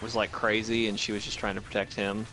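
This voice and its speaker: A man chatting casually with a friend while they play a game together, relaxed and quick to laugh. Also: fairly low pitch, faint music behind, rough recording. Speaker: co-player on a stream. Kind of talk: casual gameplay chat.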